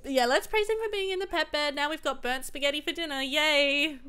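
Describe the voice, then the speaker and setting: A woman's voice: high voice, brisk, pushed and bright. A young woman chatting casually as she comments on her own gameplay, exclaiming and laughing often. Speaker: gaming commentator.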